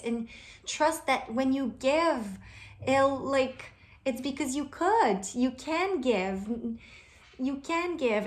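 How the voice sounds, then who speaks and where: Slow-speaking woman. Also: high-pitched. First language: French. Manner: slow, dreamy, uses "like" often. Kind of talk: casual inspirational talk to camera.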